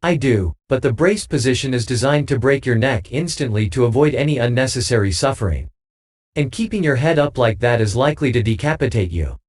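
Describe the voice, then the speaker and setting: A man voicing a laid-back, morbidly calm male passenger in an audiobook, deadpan throughout. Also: mid-range voice, brisk, natural voice.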